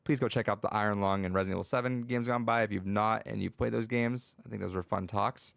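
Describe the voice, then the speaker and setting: A man's voice: lowish voice, fairly even intonation, fast, gravelly, a bit bright, no room sound. A man hosting a casual podcast, telling rambling classroom stories as a teacher, laughing often and using many fillers. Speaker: podcast host and school teacher.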